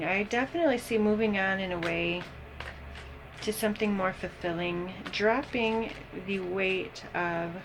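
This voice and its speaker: Slow-talking woman reading tarot. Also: mid-range voice, noisy background. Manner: unhurried, thinking aloud with many ums. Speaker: tarot reader. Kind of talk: casual tarot reading to camera.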